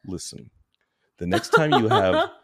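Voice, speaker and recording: A man putting on the voice of a pushy grown male friend who speaks in a hushed, coaxing way. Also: on the low side, wildly swooping pitch, a little slow, dry recording, clean studio sound, full character voice.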